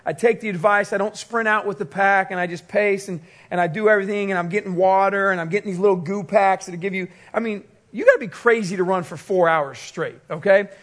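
A man pastor preaching a sermon, telling a personal story with animated storytelling and quoted voices. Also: high-pitched, brisk, few pauses.

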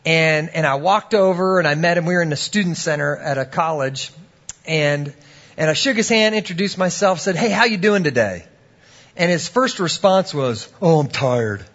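Brief: male pastor mid-sermon, storytelling with animated quoted voices, slightly high, muffled lo-fi recording. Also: normal speed.

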